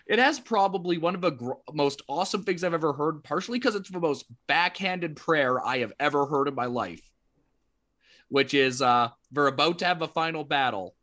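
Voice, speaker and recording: A man's voice: on the high side, animated, normal speed, bright, forceful tone. A man co-hosting a podcast, retelling a film in casual chat with a rambling, storytelling manner. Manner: rambling storyteller, many fillers and restarts. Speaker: podcast co-host.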